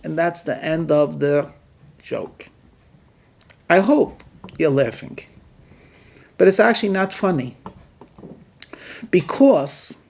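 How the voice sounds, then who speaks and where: Slow, deliberate male rabbi preaching. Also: a little high, creaky, a little mellow. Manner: measured, deliberate delivery with emphatic pauses. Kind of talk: sermon storytelling.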